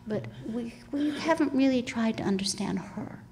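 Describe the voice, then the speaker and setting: A woman's voice: on the high side, normal speed, slight background noise. A woman in her sixties, an author guest, telling a personal story in an earnest, reflective conversational way. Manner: earnest and reflective, drops to soft breathy asides.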